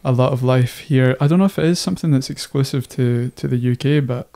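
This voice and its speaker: A man in casual conversation, speaking in a measured, reflective way. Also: mid-range voice, creaky, mellow. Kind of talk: casual chat.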